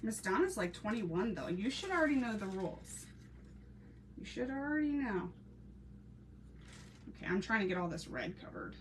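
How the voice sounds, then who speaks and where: A woman from Ohio chats through a live crafting stream, laughing often and talking straight to her viewers. Her voice sits at an ordinary middle pitch. It is picked up from a little distance, with a faint hiss of background noise. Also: very animated, normal speed, pauses often. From Ohio, USA. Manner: chatty, laughs often, talks to viewers and chat. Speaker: crafting channel host.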